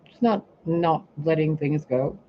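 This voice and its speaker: A woman's voice: sits low, a little slow, lo-fi sound, a little hiss or hum. A woman, a spiritual reader and healer, ranting bluntly and profanely on her own live stream. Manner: blunt, profane, animated, acts out other people's lines. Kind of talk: casual live-stream rant.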